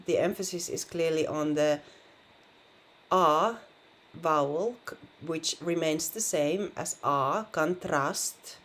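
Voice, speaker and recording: A woman with a Finnish accent, patiently explaining pronunciation in a language lesson and repeating words to model them. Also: low-pitched. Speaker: language teacher.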